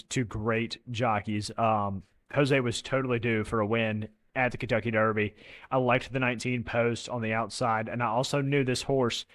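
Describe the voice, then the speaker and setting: A man's voice: mid-range voice, dry recording. A young man co-hosting a casual sports podcast, telling stories with energy and swearing now and then. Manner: animated storyteller, swears casually. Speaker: podcast co-host.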